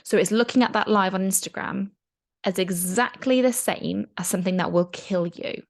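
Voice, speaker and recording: A young woman coaching in a casual, chatty talk, frank and quick to swear. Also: medium pitch, creaky. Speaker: mindset coach.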